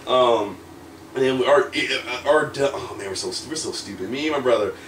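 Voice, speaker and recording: An American man, a young adult pro wrestler, telling candid stories in an interview, animated, laughing often and restarting his sentences. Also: mid-range voice, moderate pace, slight background noise. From United States. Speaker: professional wrestler, guest. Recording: roomy echo, mic at a distance, faint ambience.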